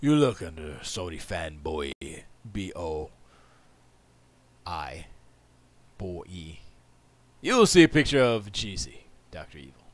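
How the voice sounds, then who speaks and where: A man's voice: deep voice, very animated, takes it slowly, pauses often, no room sound. A tired man hosting a livestream, chatting casually in a rambling way and laughing often. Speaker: livestream host.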